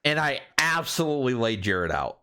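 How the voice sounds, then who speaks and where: Lively, bright-voiced man telling stories. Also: medium pitch, normal speed, smooth. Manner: animated, blow-by-blow storytelling. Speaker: podcast co-host. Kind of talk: casual chat.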